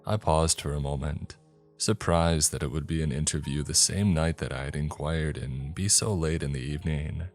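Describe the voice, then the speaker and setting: A man reading a first-person horror story in a measured, scripted narration. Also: very deep voice. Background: faint background music.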